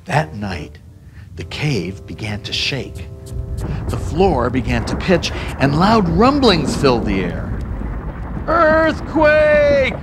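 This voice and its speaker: A man reading his own picture book aloud, animated and expressive. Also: mid-range voice, slow, over music. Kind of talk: storybook read-aloud.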